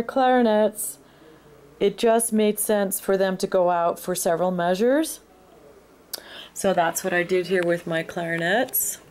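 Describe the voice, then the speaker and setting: A woman talks through a screen-recorded tutorial in a fairly low voice. She explains each step in an unhurried way, pausing often on ums as she goes. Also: a little mellow. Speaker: music software instructor.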